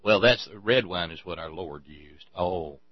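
A man's voice: deep voice, unhurried, breathy edge, dry recording, highs cut off. A man hosting a show, rambling sarcastically in casual commentary, stumbling over restarts.

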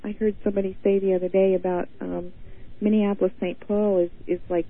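A man's voice: high voice, a little fast. A man from Montana calling in to a radio show, chatting in a campy, flamboyant way and calling people honey. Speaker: caller. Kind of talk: phone-in chat. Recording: tinny phone line.

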